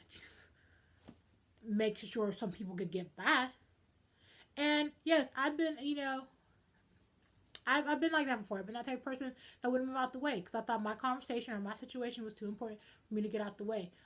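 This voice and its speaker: A young woman ranting in a casual vlog, dramatic and animated, swinging between loud outbursts and hushed asides. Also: high-pitched. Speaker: vlogger.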